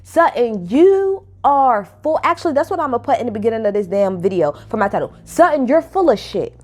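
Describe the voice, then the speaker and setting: A woman's voice: fairly high pitch, big pitch swings, a little fast, darkish tone. A woman recapping a reality show in a sassy, ranting vlog with heavy cursing. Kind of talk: casual recap commentary.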